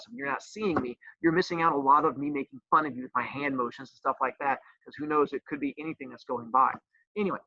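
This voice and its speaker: A man's voice: fairly high pitch, sharp tone, no room sound. A man teaching a middle school class over a video call, teasing and joking. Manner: teasing, joking, self-mocking. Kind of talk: online class talk. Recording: dull, dry video-call audio.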